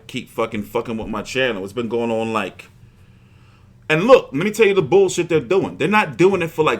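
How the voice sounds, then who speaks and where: A man hosting a boxing livestream, chatting casually in a rambling, profane, frustrated way. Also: mid-range voice.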